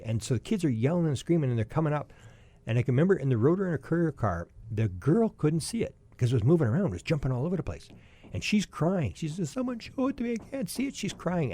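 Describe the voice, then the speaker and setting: Fast-talking man, dry close sound. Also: mid-range voice, no echo. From Canada. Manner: animated anecdotal storytelling with restarts. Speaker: guest. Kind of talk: storytelling in a podcast interview.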